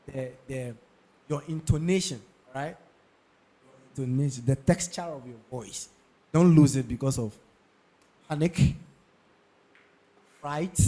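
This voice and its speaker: A man's voice: fairly high pitch, warm tone. A young Ghanaian man with a Ghanaian English accent, giving career advice to an audience; he repeats key points and keeps checking in with his listeners. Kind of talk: talk to an audience.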